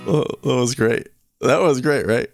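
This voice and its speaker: A man's voice: medium pitch, a little slow, gravelly, faint music behind. A man hosting a casual livestream, rambling and cutting himself off as he talks. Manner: rambling, self-interrupting. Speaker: livestream host.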